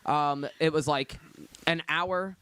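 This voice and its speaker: A man's voice: a little high, steady tone, slow, pushed and bright, smooth, no echo. A young man co-hosting a podcast, rambling through a story in casual chat, swearing and laughing often. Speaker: podcast co-host.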